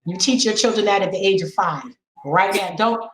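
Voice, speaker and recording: A middle-aged woman speaking as a podcast guest and sex educator, frank and animated, coaching listeners with a string of rhetorical questions. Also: medium pitch, a little fast, roomy sound, poor audio. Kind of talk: podcast conversation.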